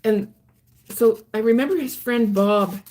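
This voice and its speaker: A woman recounting her own past in a halting, earnest personal story, with frequent restarts. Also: fairly high pitch, darkish tone. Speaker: vlogger recounting her life.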